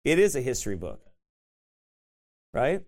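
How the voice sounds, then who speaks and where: A man's voice: mid-range voice, huge pitch swings, a little slow, darkish tone. Conversational preacher, man. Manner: conversational preaching, frequent "right?" asides, laughs at himself. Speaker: pastor. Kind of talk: sermon teaching.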